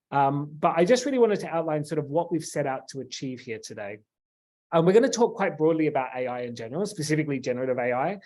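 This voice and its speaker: A man's voice: on the high side, darkish tone. A man hosting a webinar, opening the session and introducing the guest in a chatty way with lots of fillers, speaking over a video call. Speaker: webinar host, company founder. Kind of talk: webinar presentation.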